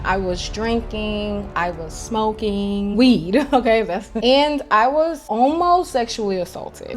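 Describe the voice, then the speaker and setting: Candid woman sharing her life story. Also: medium pitch. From New York. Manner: candid, confiding, emotional, calls listeners "girl". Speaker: vlogger. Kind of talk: personal storytelling to camera.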